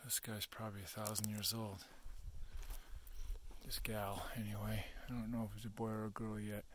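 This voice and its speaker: A man's voice: fairly low pitch, flat delivery, normal speed, slight background noise. A tired, heartbroken man vlogging outdoors while searching for his lost dog, rambling and cursing as he rants. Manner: rambling, profane ranting. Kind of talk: casual outdoor vlog. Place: outdoors in dry woods and arroyos.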